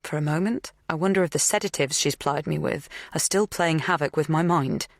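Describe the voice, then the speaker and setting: A woman reading a first-person suspense audiobook in a tense, measured way. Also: low voice, vocal fry, no echo, studio quality. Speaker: audiobook narrator. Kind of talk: first-person thriller narration.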